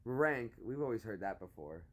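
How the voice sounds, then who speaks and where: A man's voice: fairly low pitch, expressive, moderate pace. A young man co-hosting a casual vlog, teasing his partner and joking around. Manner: joking, teasing, fond of goofy put-on accents. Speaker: vlogger co-host. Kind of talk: casual chat.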